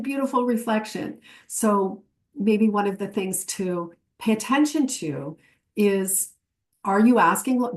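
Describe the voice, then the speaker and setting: A woman giving an educational webinar lecture, explaining ideas reflectively and acting out short client examples. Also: a little high. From Canada. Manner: warm, reflective teaching with quoted client examples. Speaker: webinar presenter.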